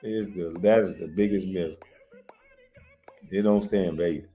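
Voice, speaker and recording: A man's voice: deep voice, measured pace, soft background music. A man telling wild stories in a casual chat, laughing often and swearing freely. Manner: loud, laughing, swearing storyteller. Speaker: show host.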